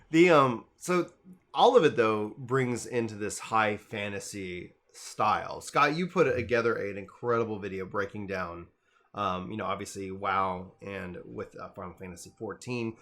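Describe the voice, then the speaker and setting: A man's voice: on the low side, measured pace, a bit bright. A man hosting a casual gaming podcast, talking enthusiastically in rambling runs with frequent restarts. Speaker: podcast host.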